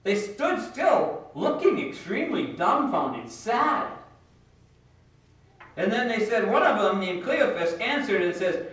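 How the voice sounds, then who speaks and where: High-voiced preacher in an echoey hall. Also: male voice, big pitch swings, takes it slowly, fairly bright tone. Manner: conversational, folksy storytelling with acted-out quotes. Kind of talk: sermon. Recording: very echoey room, speaker far from the mic.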